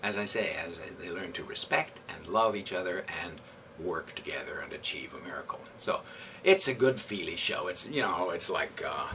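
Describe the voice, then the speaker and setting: A man with a fairly low but bright, forceful voice answers interview questions as a theatre director. He speaks thoughtfully, pausing on fillers and restarting his sentences. He sits a bit away from the mic, with a faint hiss behind him. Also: animated, distant mic.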